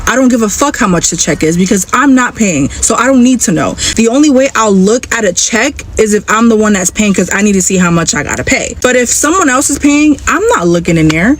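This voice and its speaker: A woman ranting about a bad date in casual storytelling, blunt and indignant, swearing freely. A faint hiss of noise sits under her mid-pitched voice. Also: expressive, fairly quick, few pauses.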